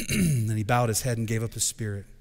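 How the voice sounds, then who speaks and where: Preaching pastor, quiet to shouted. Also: male voice, on the low side, lively intonation, brisk, long reverb tail. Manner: builds from quiet to shouting proclamation. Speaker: senior pastor. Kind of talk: sermon. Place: church sanctuary.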